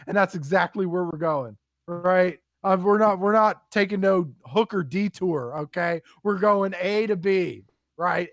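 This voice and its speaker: A young man with a high voice tells a profane, animated story and slips into the voices of the people in it. The sound is close and dry, with no room behind it. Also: unhurried, dry recording. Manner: animated, swears a lot, acts out quotes. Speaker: podcast guest telling war stories. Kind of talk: casual storytelling chat.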